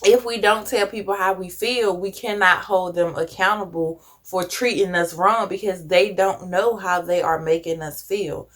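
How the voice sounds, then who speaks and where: A woman's voice: on the low side, fairly even intonation, moderate pace, few pauses, a bit bright. A woman vlogger talking earnestly to camera, giving conversational advice with casual slang. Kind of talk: reflective personal talk to camera.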